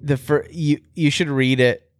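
A man's voice: fairly high pitch, fairly even intonation, unhurried, no room sound. Joking man on a podcast, dry sound. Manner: joking, teasing. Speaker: podcast co-host. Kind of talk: casual chat.

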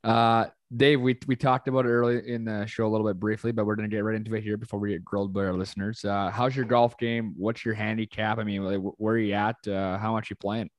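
A man's voice: on the low side, little pitch movement, quick pace, few pauses, no room sound, clean studio sound. A man hosting a podcast, asking questions casually with fillers. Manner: upbeat, asks questions with fillers. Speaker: podcast host.

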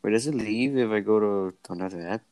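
A man's voice: on the low side, brisk, darkish tone, no room sound. A man in a casual podcast chat, teasing crudely and stumbling over his words. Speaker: podcast co-host.

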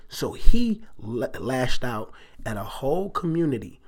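Animated man telling a story casually. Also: medium pitch, a little slow. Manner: animated, jumps into exaggerated character voices and back. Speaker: podcast host.

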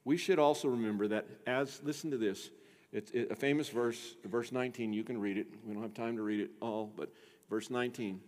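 A man preaching a sermon as pastor, emphatic and leading the congregation in call-and-response, often dropping to a soft low voice on key phrases. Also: fairly quick, big-room sound. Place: church.

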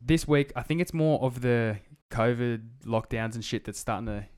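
Australian man, mid-pitched voice, casual podcast chat, sweary, animated storytelling. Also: moderate pace, clean tone. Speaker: podcast co-host.

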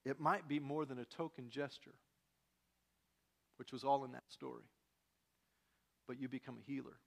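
A male pastor preaching a sermon, swinging from loud, emphatic lines to quiet, personal confiding. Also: medium pitch, steady tone, normal speed, creaky.

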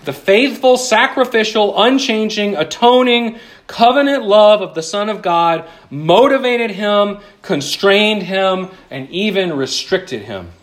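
A married man preaching a sermon, earnest and conversational, dropping to a hushed voice on key points. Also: high-pitched, animated, a little slow. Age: adult, married with children. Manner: earnest, drops to a hushed voice for emphasis; conversational asides with self-deprecating humor. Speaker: pastor.

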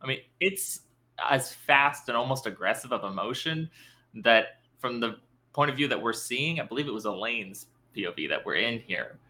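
A man's voice: medium pitch, expressive, moderate pace, pushed and bright. A man co-hosting a casual book discussion podcast, talking through the story thoughtfully. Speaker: podcast co-host.

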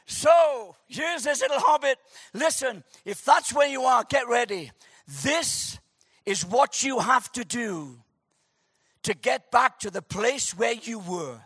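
An animated preacher with a high, bright voice who jokes and shouts to drive home each point. He takes his time, and the sound is dry and close. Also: takes it slowly, slightly rough, dry recording, some chatter behind. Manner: animated, joking, shouts for emphasis. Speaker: pastor. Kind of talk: sermon.

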